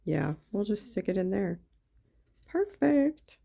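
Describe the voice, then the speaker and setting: A craft YouTuber with a low, creaky, mellow voice chats casually at a measured pace while crafting on camera. She thinks aloud and uses lots of fillers in this craft-along talk.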